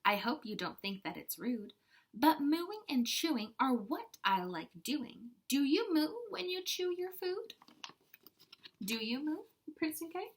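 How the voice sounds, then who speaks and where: A woman voicing a gentle dairy cow in a storybook read-aloud, slow and sing-song. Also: high-pitched, very animated, voice pushed up, exaggerated voice. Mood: friendly.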